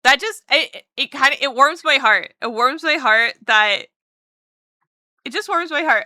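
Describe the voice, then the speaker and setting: A woman streaming live, chatting casually with her viewers in a bubbly, excitable way, rambling with lots of fillers and greeting chat with repeated hellos. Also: high voice, normal speed, no room sound, clean studio sound.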